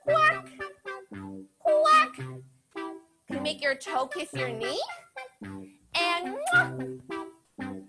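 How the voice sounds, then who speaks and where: A young woman teaching little ones, her voice high and bright, swooping up and down as she cheers them on. She speaks in an unhurried, sing-song way, and a children's song plays softly behind her. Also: big pitch swings, gravelly, over music. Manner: playful, encouraging, sing-song teacher talk. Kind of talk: upbeat children's class with music. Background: children's song playing faintly.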